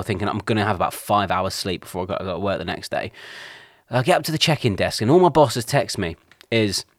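A man's voice: fairly low pitch, dry recording, clean studio sound. A man, co-hosting a podcast and telling a long rambling story, acting out other people's lines. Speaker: podcast co-host. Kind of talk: casual chat.

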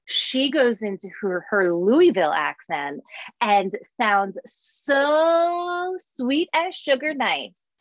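A woman's voice: a little high, animated, no echo. Chatty woman host on lo-fi audio. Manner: chatty, laughs often, fast asides. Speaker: podcast host. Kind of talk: casual chat. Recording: dull, lo-fi sound.

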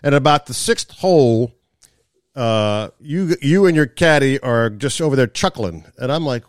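A man hosting a casual golf chat, telling stories in an animated way. His pitch leaps and swoops as he talks. The sound is dry and close. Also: unhurried, no echo. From Maryland. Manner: animated storyteller, laughs often. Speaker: podcast host.

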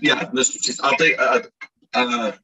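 A middle-aged man from Scranton telling animated anecdotes in a casual podcast chat, acting out shouted quotes. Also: mid-range voice, measured pace, far from the mic, slight background noise, low-quality recording. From Scranton, Pennsylvania. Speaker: podcast guest, actor and DJ. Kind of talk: casual storytelling.

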